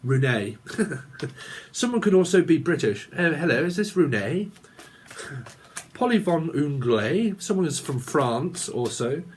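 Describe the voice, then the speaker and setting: A man's voice: a little high, big pitch swings, takes it slowly, long pauses, a little hiss or hum. A man giving a rambling tarot reading, free-associating aloud, muttering strings of names and chuckling to himself. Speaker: tarot reader.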